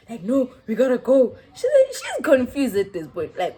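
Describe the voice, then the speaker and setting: Lively husky woman telling a story. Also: high-pitched, moderate pace, few pauses. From South Africa. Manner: animated, laughing often while telling. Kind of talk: casual storytime vlog.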